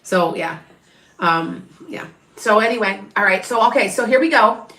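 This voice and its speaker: A woman's voice: medium pitch, lively intonation, normal speed, fairly bright tone. A woman psychic medium talking casually and rambling, with many fillers and restarts as she gives a reading. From American Midwest. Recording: echoey room.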